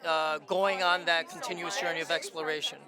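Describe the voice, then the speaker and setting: A man's voice: on the high side, flat delivery, brisk, a crowd in the background. A man, an actor at his premiere, talking enthusiastically in a red carpet interview and restarting his sentences often. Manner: enthusiastic, stammering, many restarts.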